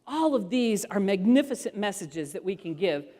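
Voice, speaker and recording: A middle-aged woman speaker telling parenting stories to an audience, animated and acting out voices as she goes. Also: medium pitch, normal speed. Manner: animated storyteller who acts out voices. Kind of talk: storytelling talk to an audience. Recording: long hall reverb.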